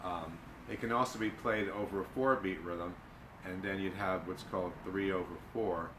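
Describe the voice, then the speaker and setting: A man teaching darbuka rolls in a live lesson, explaining in a relaxed, halting way with fillers and chanting drum syllables. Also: low voice, noisy background. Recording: echoey room with loud drumming. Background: darbuka drumming.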